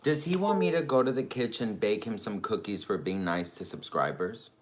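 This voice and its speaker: Annoyed guy with a lowish voice, keeps asking who the so many people are, repeats himself. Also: animated, moderate pace, slight background noise. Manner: indignant, repeats rhetorical questions. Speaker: YouTuber defending himself. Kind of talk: indignant video commentary.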